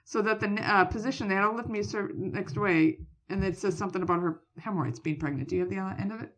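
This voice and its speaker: A woman's voice: mid-range voice, fast. A woman from Boston with a Boston accent, co-hosting a podcast in blunt, laughing, casual chat. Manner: blunt, laughing, swears freely. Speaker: podcast co-host.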